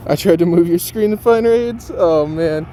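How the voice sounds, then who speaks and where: A chatty male streamer with a slightly higher voice talks casually to his viewers, reading their comments aloud between ums. He is recorded outdoors, with clear traffic and street noise around him. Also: normal speed, warm tone. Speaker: live streamer. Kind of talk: casual live-stream chat.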